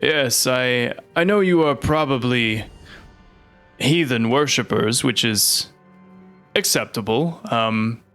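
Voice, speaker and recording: A man voicing a stern, suspicious centaur chieftain in a tabletop game, speaking slowly and formally. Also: mid-range voice, a bit bright, soft background music. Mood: wary, formal. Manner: slow, measured, formal.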